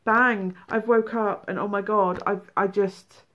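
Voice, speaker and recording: A woman giving a tarot reading, animated, exclaiming and acting out feelings. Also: mid-range voice, unhurried, dull audio. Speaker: tarot reader.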